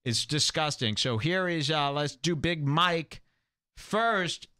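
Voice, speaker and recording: A man's voice: fairly high pitch, slow, pushed and bright, clear, resonant tone, no echo, studio quality. A man hosting a comedic talk show, ranting in a crude, mocking, gossipy manner. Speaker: radio show host.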